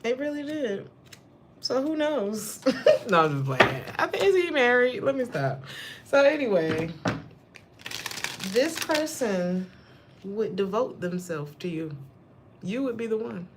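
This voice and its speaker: A young adult woman giving a tarot reading as casual chat. She is a slangy, wandering storyteller who often breaks into high, laughing outbursts. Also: sing-song, takes it slowly, long pauses, heavy background noise. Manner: slangy and digressive. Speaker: tarot reader.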